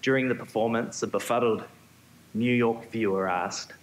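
A man, a museum curator, giving a prepared symposium talk on stage, measured with occasional ums and restarts. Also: mid-range voice, fairly even intonation. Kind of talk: prepared lecture. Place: auditorium stage. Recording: echoey hall, faint hum.

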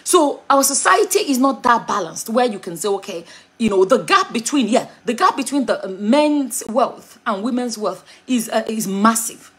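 Husky-voiced Nigerian woman vlogging. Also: on the high side, lively intonation, normal speed, a bit bright. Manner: chatty, digressive, frank. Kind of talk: casual commentary to camera.

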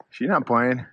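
A man vlogging outdoors on a hunting trip, chatting casually and coaxing his dog along in a fond, high, sing-song voice. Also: noisy background. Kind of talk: casual outdoor vlog narration. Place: outdoors by a river in the wind.

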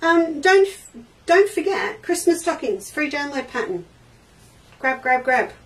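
A woman's voice: high-pitched, sing-song, unhurried. Chatty woman demonstrating crafts. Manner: chatty, reads viewer comments aloud while working. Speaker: quilting shop host. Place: craft studio indoors. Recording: distant mic with faint noise.

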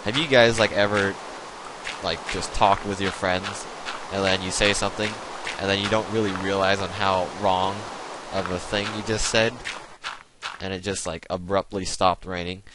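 A man's voice: low-pitched, little pitch movement, moderate pace, noisy background. A young man rambling through jokey tangents while playing a video game. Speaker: gaming video host. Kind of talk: rambling let's play commentary.

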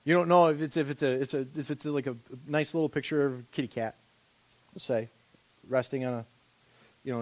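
A man preaching a sermon as pastor, animated and conversational, joking with a volunteer on a church stage. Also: mid-range voice. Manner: animated, rising to loud impassioned preaching.

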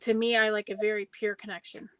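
A woman's voice: mid-range voice, flat delivery, fast, a bit bright, no echo, poor audio. A woman, a guest psychic medium in a casual chat, who talks firmly and emphatically about her own way of working.

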